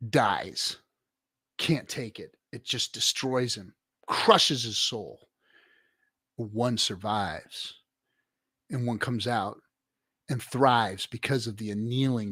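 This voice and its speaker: A middle-aged man hosting a livestream, giving profane, preachy motivational rants to his chat with sudden loud swings. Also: medium pitch, no room sound, studio quality. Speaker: livestream host. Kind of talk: casual livestream chat reading viewer comments.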